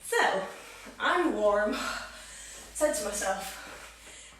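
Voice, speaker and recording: A woman's voice: mid-range voice, animated, slow pace, long pauses, a bit bright, a little hiss or hum. A woman fitness coach leading a home workout, counting down reps and chatting between sets, out of breath. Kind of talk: live workout instruction. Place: room at home. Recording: echoey room, voice far from the mic.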